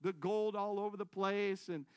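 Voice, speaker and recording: A man preaching a testimony sermon to a congregation, telling his story with laughs and self-mockery, swinging between loud excited bursts and quiet low asides. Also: moderate pace, clear, resonant tone, dry recording. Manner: animated, self-mocking, laughing through the story.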